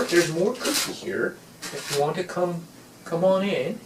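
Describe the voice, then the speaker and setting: A man speaks in a gentle, formal big-brother tone, as if coaxing a child closer. His voice is a little high and swings around a lot. He sounds far from the mic in an echoey room, with clear noise underneath. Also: animated, unhurried. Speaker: performer in a scene study. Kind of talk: coaxing talk to a child in a scene. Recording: roomy, distant, noisy room recording.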